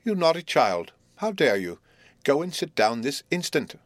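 A man voicing a haughty, imperious mother who scolds in a shrill, indignant tone. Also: lively intonation, brisk, no room sound, studio quality, lightly acted.

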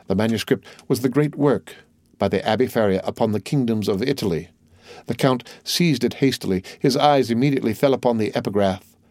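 A man narrating a classic novel in a measured, steady reading. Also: medium pitch, no room sound. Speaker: audiobook narrator. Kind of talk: scripted narration.

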